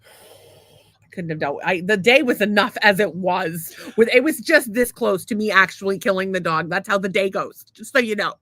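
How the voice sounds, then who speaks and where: A woman's voice: mid-range voice, normal speed, fairly bright tone, no room sound. A woman co-hosting a podcast, telling a long story in a casual, rambling, profane and self-mocking way. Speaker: podcast co-host.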